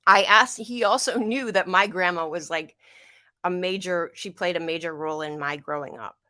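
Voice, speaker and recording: A young adult woman speaks in a fairly low voice, picked up dry and close. She tells a painful personal story in a rambling way, circling back and repeating phrases, and her voice catches with emotion. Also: moderate pace, pushed and bright, no echo. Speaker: guest. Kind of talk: emotional personal account on a livestream.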